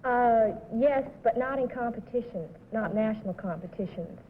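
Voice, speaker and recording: A woman's voice: a little high, moderate pace, a little hiss or hum. A woman answering questions as a game show contestant, brief, polite and a bit unsure. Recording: tinny 1950s TV broadcast with hall reverb.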